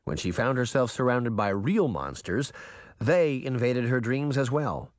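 A man narrates a storybook in a measured, unhurried way. His voice moves expressively up and down. The recording is dry and close, with no room sound. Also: medium pitch, expressive, no room sound. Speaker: audiobook narrator. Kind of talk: scripted narration.

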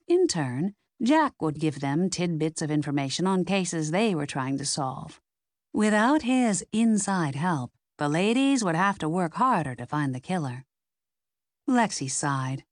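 Woman narrator, lower pitch, lively intonation, dry close recording. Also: measured pace, no echo. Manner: expressive storytelling. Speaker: audiobook narrator. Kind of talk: scripted narration.

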